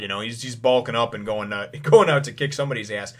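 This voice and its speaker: A man's voice: medium pitch, fast talker, fairly bright tone. Guy doing a chill recap on his channel, medium voice, rambles a lot, you know-you know, little chuckles. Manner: chuckles now and then. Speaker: channel host reviewing comic chapters. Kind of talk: casual chat recap.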